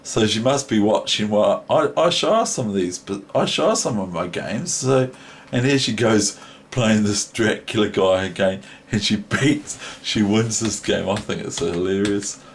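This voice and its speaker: A man's voice: fairly low pitch, moderate pace, a little hiss or hum. A man with a New Zealand accent casually commenting on a chess game as a teacher, delighted and laughing often between remarks.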